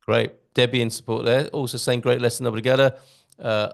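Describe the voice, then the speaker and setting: Man host, mid pitch, gravelly, upbeat and chatty, live-stream banter. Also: level tone, a little fast. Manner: upbeat, enthusiastic, jokey. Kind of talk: casual live-stream chat.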